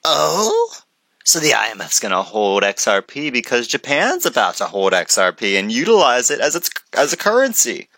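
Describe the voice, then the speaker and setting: A man commenting excitedly on a conference video, rambling with many restarts and jokes. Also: medium pitch, fairly quick, hardly any pauses, no room sound.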